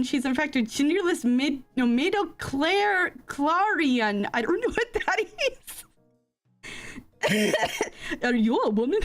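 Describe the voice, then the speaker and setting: A young woman streamer chatting casually into a desk mic, telling rambling stories with frequent giggles. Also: on the high side. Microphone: desk microphone.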